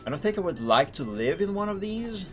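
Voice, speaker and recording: A man streams a driving game with music playing under his voice, which sits high, a bit bright, fairly quick, and full of big pitch swings. His casual commentary rambles, and he corrects himself mid-sentence and chuckles.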